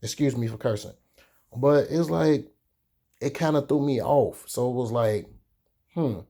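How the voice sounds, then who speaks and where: A young man talks candidly to his vlog viewers. His voice is mellow and warm at an ordinary pitch. He tells his story in a chatty way, with drawn-out pauses. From Chicago. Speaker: sneaker vlogger.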